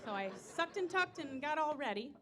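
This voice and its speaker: A woman's voice: sits high, normal speed, background noise. A woman in her thirties telling self-deprecating stories in a stand-up comedy set. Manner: self-deprecating, animated storytelling. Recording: live room with audience laughter.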